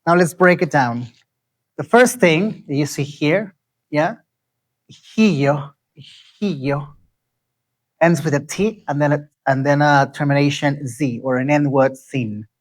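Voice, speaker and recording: A man from Mexico City, giving a lecture and slowly repeating words so listeners can pronounce them. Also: on the high side, low-quality recording. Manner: slow, deliberate, repeats words to teach pronunciation.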